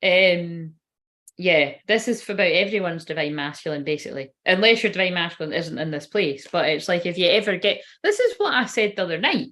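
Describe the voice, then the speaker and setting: A woman's voice: lowish voice, lively intonation, brisk, a bit bright. Woman, tarot reader, chatty live stream, rambling, swears casually.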